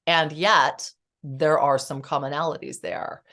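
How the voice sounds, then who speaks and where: A middle-aged woman speaking as a therapist guest on a podcast, earnest and spiritual, telling stories with lively energy. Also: sits low, a little slow. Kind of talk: casual podcast conversation.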